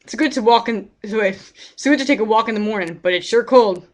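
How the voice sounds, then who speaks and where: A woman voicing a chatty older man who is out on a morning walk, folksy and a bit gruff. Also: fairly high pitch, normal speed, close to an everyday voice.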